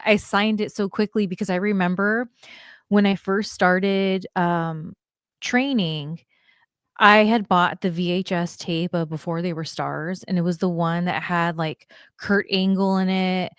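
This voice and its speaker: A woman, a pro wrestler guest, telling stories in casual chat, animated and openly emotional, speaking over a video-call stream. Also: on the low side, unhurried, clear, resonant tone, no echo, studio quality. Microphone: video call streaming setup.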